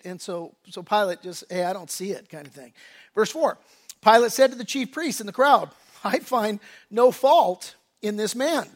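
A man preaching a sermon as pastor, talking conversationally with frequent restarts and acting out quoted lines in a casual voice. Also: sits high. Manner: acts out quoted speech in a casual voice.

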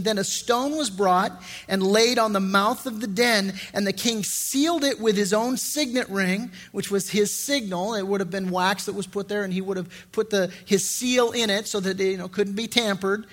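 A middle-aged man preaching a sermon as pastor, in a lively conversational way with frequent restarts. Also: high voice, normal speed.

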